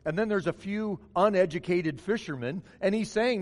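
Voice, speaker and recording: A man's voice: high voice, normal speed, darkish tone, in a large hall. A man preaching a morning sermon as pastor, stressing key phrases by repeating them.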